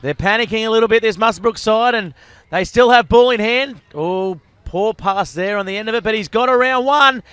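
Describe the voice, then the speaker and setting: A man commentating a live rugby sevens match, excitable and rising to shouts at tries. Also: sits high, a little fast, smooth, dry recording. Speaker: sports commentator.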